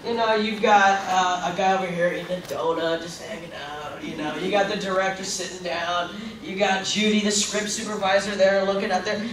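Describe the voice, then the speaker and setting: A man, an actor guest, tells an animated anecdote to a live audience, laughing often and acting out what people said. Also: high voice, moderate pace, few pauses, a crowd in the background. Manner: lively storyteller, laughing often, acting out quotes. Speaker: actor guest on a convention stage. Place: large convention hall. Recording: echoey hall from far off with faint noise.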